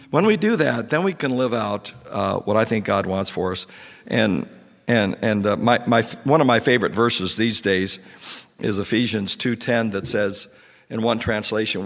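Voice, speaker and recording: A man giving earnest spiritual teaching, telling a story with animated retold dialogue and many restarts. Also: lowish voice, gravelly, long reverb tail. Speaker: Christian speaker and teacher.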